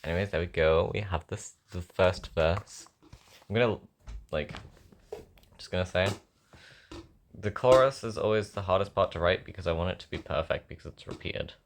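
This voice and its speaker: A man's voice: low-pitched, normal speed, long pauses, a little hiss or hum. A young man at home with a sore throat, rambling and joking at himself as he works on a song. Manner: rambling, self-mocking, thinking aloud. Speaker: songwriter. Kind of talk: casual chat while writing a song.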